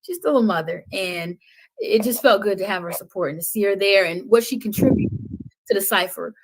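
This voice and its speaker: A woman speaking as a podcast guest, impassioned, with a preaching cadence that swings between loud and hushed. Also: medium pitch, fairly quick, husky, poor audio. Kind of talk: passionate podcast talk.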